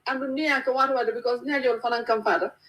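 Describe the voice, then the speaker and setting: A woman's voice: sits high, steady tone, a little fast, a bit bright, poor audio. A woman on a talk show panel, telling stories in a chatty way and mixing English with local language.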